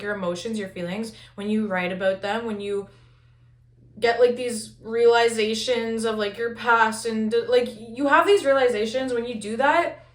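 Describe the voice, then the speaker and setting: A young woman giving a casual pick-a-card tarot reading, talking fast and loose with lots of "like" and casual swearing. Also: on the high side. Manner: chatty, frequent "like", swears casually. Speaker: tarot reader. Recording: echoey room.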